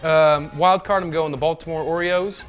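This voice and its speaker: A young man from Dallas with a slightly raised pitch gives brisk sports picks and jokes with his co-hosts. He gets straight to the point, with faint music under his voice. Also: steady tone. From Dallas, Texas. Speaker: student sports show co-host. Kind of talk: casual sports chat.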